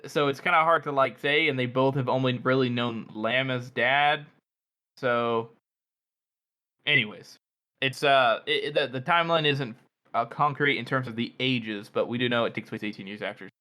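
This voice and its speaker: A male podcast co-host with a bright, forceful voice at a middle pitch. He explains things step by step, hedging with "uh" and "like" as he goes. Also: normal speed. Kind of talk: casual book discussion.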